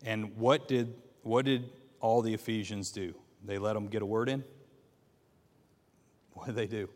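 A man teaching a Bible class, reading scripture aloud in a halting way with many fillers and restarts, and asking his class questions. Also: fairly low pitch, fairly even intonation, darkish tone. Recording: long reverb in a hall.

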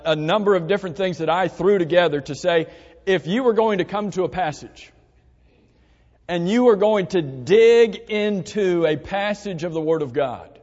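High-voiced man preaching in a hall. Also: darkish tone. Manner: earnest teaching with repeated instructions and restarts. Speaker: pastor. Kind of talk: sermon. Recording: dull sound with long hall reverb.

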